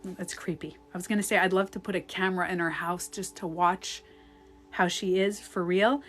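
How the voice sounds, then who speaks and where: A woman coaching on a live stream, chatting casually and answering comments, rambling and candid, swearing and laughing easily, sometimes dropping to a hushed voice. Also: on the low side, fairly even intonation, moderate pace, soft background music.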